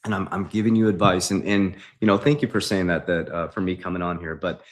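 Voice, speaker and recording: A man's voice: sits low, flat delivery, fairly quick. A man as a financial coach on a livestream, emphatic and preachy, repeating his points. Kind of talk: livestream talk.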